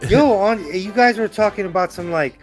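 A man co-hosts a comedy podcast, bouncing jokes off his friends. His voice sits a bit high and sounds excited. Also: brisk, faint music behind. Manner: excitable, jokey. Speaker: podcast co-host. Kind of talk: casual comedic banter.

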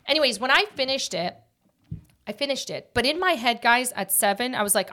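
A woman hosting a casual podcast chat, talking quickly and jumping from one thought to the next like an animated storyteller. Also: fairly high pitch. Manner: rapid, jumps between thoughts. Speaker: podcast host.

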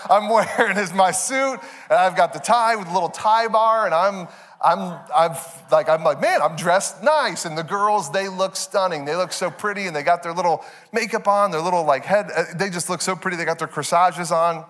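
A man's voice: high-pitched, moderate pace, fairly bright tone. A man in his thirties preaching a sermon, telling a self-deprecating family story with a lot of animation and frequent laughter. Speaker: pastor. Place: church sanctuary. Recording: long reverb of a large hall.

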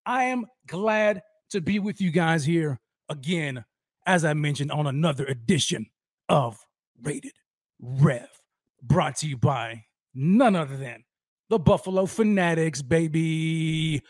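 A man hosting a fan livestream, energetically shouting out viewers by name and talking about how fired up he is. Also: a little high, lively intonation, takes it slowly, dry recording, studio quality. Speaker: host of a fan livestream show. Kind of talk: energetic live-stream roll call.

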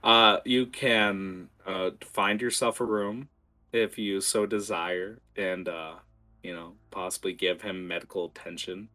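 A man's voice: low voice, fairly even intonation, a little slow, pushed and bright. A man narrating a tabletop game as game master, rambling with many fillers.

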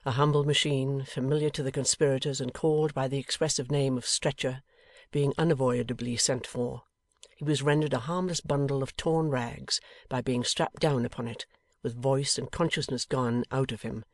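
A man reading a classic novel aloud as an audiobook narrator, in a measured, dramatic way. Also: medium pitch, steady tone, no room sound. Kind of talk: scripted narration.

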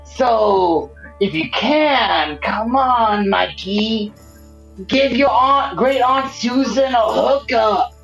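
A woman voicing an older great-aunt caller who pleads in a slow drawl. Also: a little high, echoey room, soft background music, low-quality recording. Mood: pleading.

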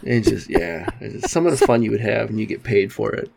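A man co-hosting a podcast, telling old work stories in a relaxed, laughing, swearing chat. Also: lowish voice, fairly quick, vocal fry. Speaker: podcast co-host. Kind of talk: casual chat.

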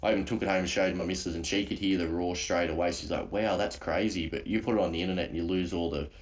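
A man's voice: low voice, steady tone, racing, dull audio. An Australian man calling in as a guest, telling a story in a rambling, slangy way with many restarts. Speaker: guest caller. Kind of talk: casual storytelling.

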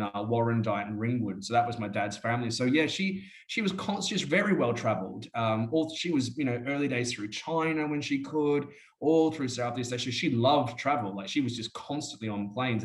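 An Australian man talks at an ordinary, middle pitch and tells stories in long, rambling runs. He is casual and chatty, and he keeps calling the listener "mate". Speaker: interview guest. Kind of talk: casual storytelling chat.

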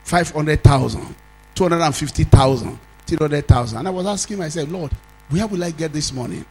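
A Nigerian man, a pastor, preaching a sermon as a story, swinging from loud exclamations to low asides. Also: brisk, slightly rough, poor audio.

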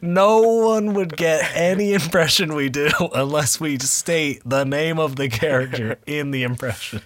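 A man's voice: on the high side, a little slow, no echo, studio quality. A man co-hosting a podcast, bantering and laughing a lot in casual chat. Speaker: podcast co-host.

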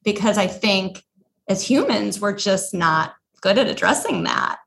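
A woman's voice: mid-range voice, expressive, a little slow, gravelly, fairly bright tone, a little hiss or hum. Earnest woman podcast host with faint ambience. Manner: earnest and affirming, responds with agreement. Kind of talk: warm conversational interview.

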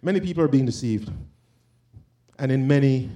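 A man's voice: mid-range voice, expressive, normal speed, mellow. A man giving an informal, impassioned sermon, talking conversationally and quoting scripture. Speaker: preacher.

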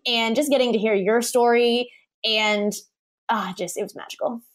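A woman's voice: fairly high pitch, steady tone, moderate pace. A young woman, a wedding photographer guest on a podcast, telling a story in a bubbly casual way, laughing often and saying "like" a lot.

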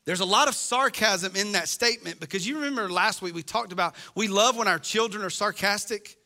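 Male pastor, middle-aged, impassioned sermon delivery, high-pitched, piercingly bright tone. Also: brisk. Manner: impassioned, acts out quoted voices.

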